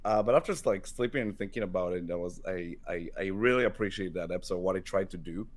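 A man co-hosting a podcast, thinking out loud in a rambling, casual way. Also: low-pitched, fast talker. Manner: rambling, thoughtful, lots of fillers. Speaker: podcast co-host.

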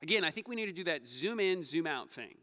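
A man preaching a conversational sermon, moving between playful asides and quiet, earnest passages. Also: a little high, expressive, fast. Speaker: pastor. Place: church sanctuary. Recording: long reverb of a church hall.

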